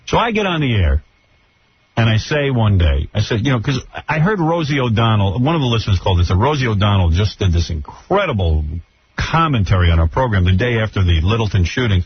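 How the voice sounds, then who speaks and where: A brash middle-aged man hosts a talk radio show and tells his story in a mocking, animated way. His voice is lively and a bit husky. It comes through a dull, lo-fi radio broadcast. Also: lowish voice, a little fast.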